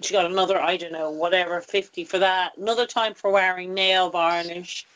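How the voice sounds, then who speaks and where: A woman's voice: on the low side, steady tone, brisk, fairly bright tone. Indignant woman host. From Ireland. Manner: indignant, ranting. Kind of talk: casual chat.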